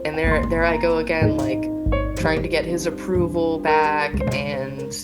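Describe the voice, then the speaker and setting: A woman telling her own story in a casual, halting way, with many fillers. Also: low-pitched, level tone, loud music behind the voice. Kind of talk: personal testimony.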